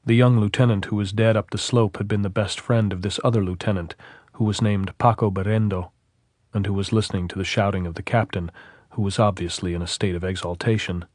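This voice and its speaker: Man, audiobook narration, low voice, husky, dry close recording, measured steady reading. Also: dry recording.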